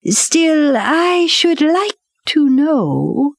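A woman's voice: high voice, very animated, very slow, gravelly, no room sound, voice pushed up, heavily acted. A proud male black panther speaks in a scornful, teasing drawl, as a woman reading the storybook puts him on. The voice sits well above her own and stretches out its words. The recording is close and dry. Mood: wry.

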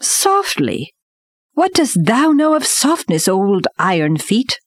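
A woman's voice: mid-range voice, big pitch swings, a little slow, no room sound, voice pushed up. A proud male black panther speaks in a scornful, teasing drawl, as a woman reading the storybook puts him on. The voice sits well above her own and stretches out its words. The recording is close and dry.

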